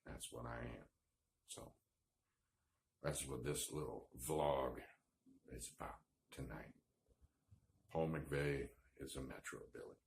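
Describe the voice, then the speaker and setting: A man's voice: rumbling low, takes it slowly, vocal fry, pauses often, slight background noise. A man telling a rambling, self-deprecating story in a casual vlog, with lots of fillers. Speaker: vlogger.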